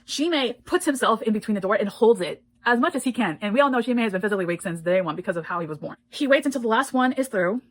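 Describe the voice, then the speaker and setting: Fast-talking, profane woman reviewing a book. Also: medium pitch, low-quality recording. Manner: blunt and profane, swears freely; heated, indignant retelling of plot. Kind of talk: casual spoken book review.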